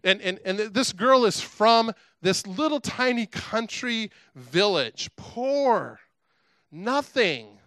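A middle-aged pastor preaches a sermon, telling the story with animated energy and chatty asides. His voice is bright and forceful and sits slightly high. The sound is dry and close. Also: takes it slowly, no room sound.

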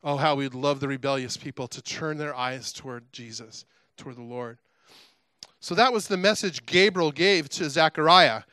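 A middle-aged man preaching a sermon, telling a story with animated energy and chatty asides to the congregation. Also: a little high, normal speed, clean tone, no echo. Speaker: pastor.

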